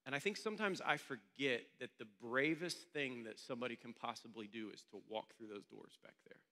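A man's voice: medium pitch, brisk, pushed and bright, long reverb tail. A male pastor telling a story during a sermon in a church meeting room, in a loose, conversational way.

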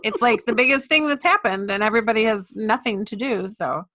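A woman's voice: a little high, lively intonation, fairly quick, a bit bright. A woman co-hosting a podcast in casual chat, with a dry, understated humor. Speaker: podcast co-host.

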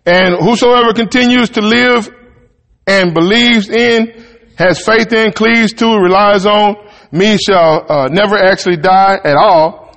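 A male preacher works through a scripture passage, reading it out and then stepping aside to explain it in relaxed, homespun talk. His voice sits high, and the room carries a long, ringing reverb. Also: a little slow. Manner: conversational, reads verses then riffs in folksy Southern-style talk.

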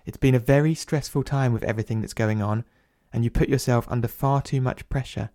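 A man voicing the prime minister's wife, gently placating and condescending, in an audio drama. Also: mid-range voice, steady tone, a little fast, no echo, clean studio sound, close to an everyday voice. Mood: coaxing. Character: soothing, patronizing wife of the prime minister, adult woman.

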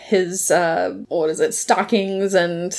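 A woman's voice: fairly low pitch, fairly even intonation, slow. A woman in casual chat, recapping a story with frequent laughter and livelier voices for quoted characters. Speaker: podcast co-host recapping a TV episode.

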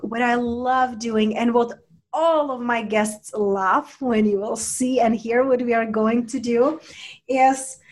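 A woman hosting a wellness conversation at home, effusive and gushing, with a phrasing. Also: on the high side. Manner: warm enthusiastic, slows to soothing guided relaxation. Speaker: podcast host. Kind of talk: casual interview with guided meditation.

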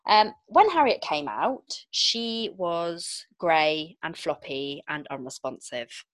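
Woman, thirties, candid storytelling, crisp bright tone, lowish voice, dry close sound. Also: no room sound. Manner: frank, expressive, quick asides. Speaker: podcast guest, entrepreneur.

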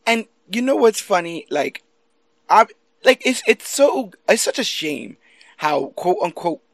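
Animated man in a dry close-mic recording. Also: high-pitched, a little slow, no echo. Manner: animated, laughs often, swears casually. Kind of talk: casual movie discussion.

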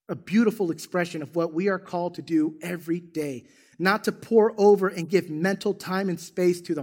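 A man preaching a sermon as a church pastor, with an animated, emphatic storytelling manner. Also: fairly high pitch. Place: church sanctuary.

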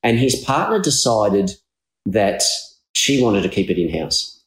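A man's voice: on the low side, sing-song, measured pace. A man with an Australian accent hosting a podcast interview, talking earnestly and feeling his way through his thoughts. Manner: earnest, searching, many restarts. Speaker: podcast host. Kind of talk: conversational interview. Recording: roomy echo.

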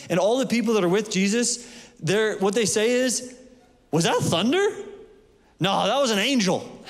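A man preaching a sermon in a loose, conversational way, full of fillers and restarts, recorded in a church hall. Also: high voice.

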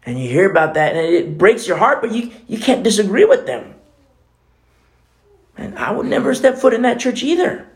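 Male co-pastor, conversational sermon, gravelly and fairly high voice. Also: very animated, moderate pace. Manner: conversational preaching with many asides.

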